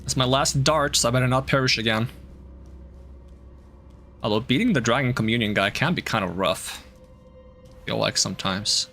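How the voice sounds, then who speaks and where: A man's voice: mid-range voice, normal speed, gravelly, pauses often, fairly bright tone, faint music behind. A man streaming a video game, playfully joking, teasing the enemies and chatting to himself as he plays. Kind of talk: live gameplay commentary.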